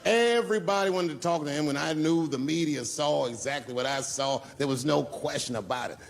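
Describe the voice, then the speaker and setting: Gravelly male stand-up storyteller. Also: on the high side, fairly quick. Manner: profane, animated storytelling. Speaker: stand-up comedian. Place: live stage before an audience.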